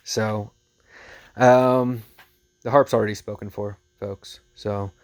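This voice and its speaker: A man who resells thrift finds, telling a story casually and with lively energy. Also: on the low side, slow. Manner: chatty, animated retelling with laughs.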